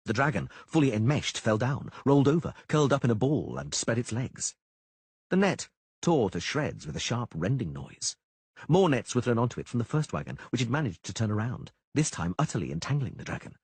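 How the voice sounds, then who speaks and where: A man's voice: mid-range voice, big pitch swings, a little fast, a little mellow, husky, dry recording. A man narrating a fantasy audiobook with a dramatic delivery on a close studio mic.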